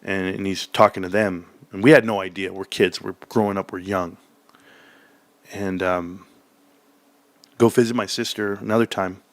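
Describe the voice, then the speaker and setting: A man's voice: normal speed, pauses often, no room sound. A man telling a childhood story in casual chat, laughing often and acting out voices. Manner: animated, acts out childhood voices in a high excited pitch.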